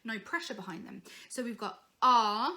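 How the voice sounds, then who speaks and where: A young woman gives an informal singing tutorial, coaching in a chatty, encouraging way and breaking into vocal demonstrations. Her medium-pitched voice is fairly bright and brisk.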